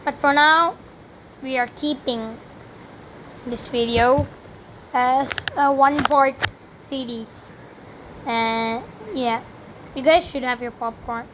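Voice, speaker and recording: A young woman giving chatty, rambling commentary while playing a video game, with sudden loud exclamations. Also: high-pitched, steady tone, slow, long pauses, background noise. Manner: chatty, rambling, exclaims loudly when she fails. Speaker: gaming commentator. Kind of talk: live gameplay commentary.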